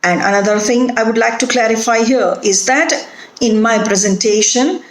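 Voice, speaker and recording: A woman lecturer teaching a phonetics lesson, slowly and carefully saying example words one at a time. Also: fairly high pitch, echoey room, rough recording. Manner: slow, deliberate, modelling words one by one. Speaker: university lecturer.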